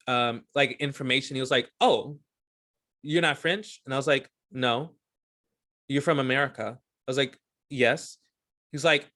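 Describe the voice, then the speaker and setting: Guy from houston rambling thru stories on a podcast, bright tone, lots of likes and ums. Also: a little high. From Houston, Texas. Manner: chatty storyteller, many fillers and restarts. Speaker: guest, stage performer. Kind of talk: casual interview chat.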